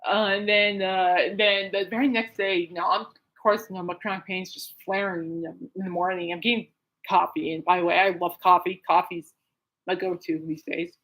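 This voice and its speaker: A woman's voice: on the low side, fairly even intonation, fairly quick, a bit bright, poor audio. A woman hosting her own podcast, rambling casually through a story with frequent laughs and restarts. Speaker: podcast host. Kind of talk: casual solo podcast chat. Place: at home.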